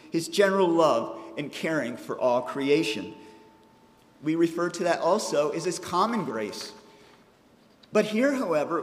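A man's voice: on the high side, long reverb tail. A middle-aged man preaching a sermon, shifting into a conversational, story-telling manner with casual fillers. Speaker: pastor.

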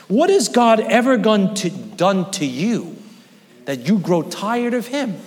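A man preaching a sermon in a church, earnest and animated, his voice climbing high for emphasis. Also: unhurried, in a large hall. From Staten Island. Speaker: pastor.

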